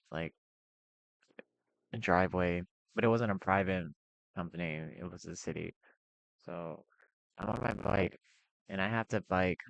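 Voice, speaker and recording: A man's voice: low-pitched, gravelly, no room sound, lo-fi sound. A young man telling a rambling personal story in a casual vlog, full of fillers and restarts. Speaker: vlogger.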